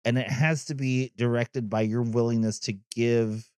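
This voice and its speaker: A man's voice: mid-range voice, fairly even intonation, moderate pace, darkish tone, smooth, no room sound, clean studio sound. A man co-hosting a film podcast, musing reflectively with plenty of "like" and ribbing his co-host. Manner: teasing, reflective, lots of "like" and "you know what I mean". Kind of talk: casual film discussion.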